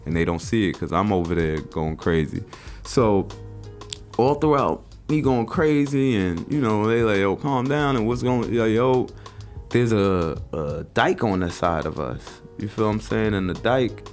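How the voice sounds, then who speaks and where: Deep-voiced New man telling a story. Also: measured pace, faint music behind. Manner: animated, slangy, acts out quotes. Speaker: recurring guest host telling a story. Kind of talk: casual storytelling.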